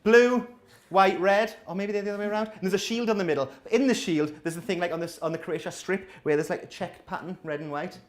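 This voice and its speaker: Quick and high-pitched, this comedian in his thirties swears his way through a meandering, self-deprecating stand-up routine. The venue is a small indoor coffee shop, and the recording has a small-room echo.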